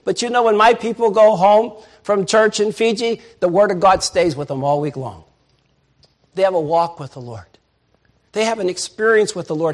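High-voiced preacher, hushed then shouting. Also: male voice, normal speed. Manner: swings from soft murmurs to loud shouted preaching. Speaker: pastor. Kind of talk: sermon.

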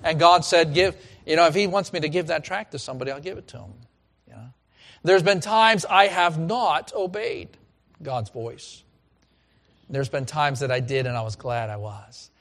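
Animated preaching man, slightly high voice. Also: moderate pace. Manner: animated preaching, swings from loud emphasis to hushed asides; repeats phrases, frequent restarts. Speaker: pastor. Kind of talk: sermon.

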